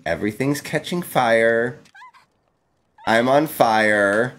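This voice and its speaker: A man's voice: mid-range voice, sing-song, slow pace, long pauses. A man streaming a video game live, playful and exclaiming, laughing often and thanking his chat. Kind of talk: live gameplay commentary.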